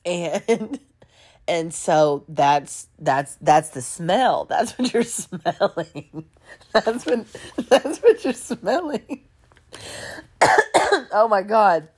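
A woman telling a story in a casual vlog, animated and addressing viewers directly, often breaking into laughter. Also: on the low side, drawn-out words, pauses often, husky.

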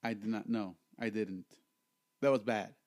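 A man hosting a casual podcast chat. He is jokey and animated, and he often repeats his words. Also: lowish voice, measured pace. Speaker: podcast host.

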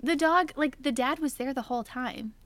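A woman's voice: moderate pace, no echo. A young woman co-hosting a podcast, telling a story in casual chat with lots of "like"s. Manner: animated storyteller, many "like"s, voice jumps high when retelling her yelling. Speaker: podcast co-host.

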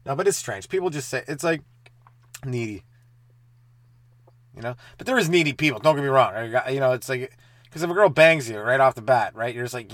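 A young man hosting a solo stand-up comedy podcast, talking in a loose, rambling, profane way with quick asides. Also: mid-range voice, lively intonation, fairly bright tone, dry recording.

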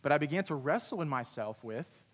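A young man giving a youth talk, telling a funny story about himself in an animated way. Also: a little high, brisk. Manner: animated, self-deprecating storyteller. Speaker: youth camp speaker. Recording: long hall reverb.

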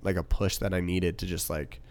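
Low-voiced young man rambling casually. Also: flat delivery, normal speed, darkish tone, dry recording. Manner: rambling, full of "like" and laughs. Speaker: podcast co-host. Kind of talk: casual chat.

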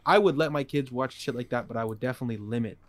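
A man's voice: mid-range voice, racing, a little hiss or hum. A young man co-hosting a podcast, rambling in loose slangy casual chat. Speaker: podcast co-host.

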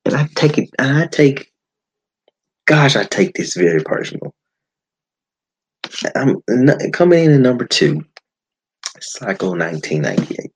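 A man hosting a podcast, giving a blunt, animated movie-review monologue with frequent swearing. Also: mid-range voice, a little slow, long pauses, slightly rough, poor audio. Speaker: podcast host.

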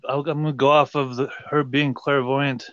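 A man with an average-pitched voice jokes drily on a casual podcast, often restarting his phrases. His audio is muffled and lo-fi, with no echo. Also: level tone. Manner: dry jokes, halting phrasing. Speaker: podcast co-host. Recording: dull, lo-fi.

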